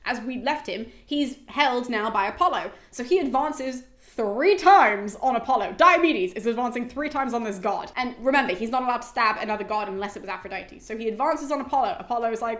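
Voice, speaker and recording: A woman retells a classic epic in a chatty, casual way, peppering it with "like" and little laughs. Her voice is fairly high, and the room gives it a noticeable echo. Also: lively intonation, brisk. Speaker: host. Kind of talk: casual book summary.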